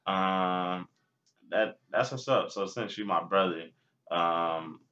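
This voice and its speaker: A man in his twenties hosting a podcast, talking in animated slang and laughing often. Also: sits low, takes it slowly. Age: 20s. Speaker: podcast host. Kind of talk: casual chat. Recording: dull lo-fi podcast audio.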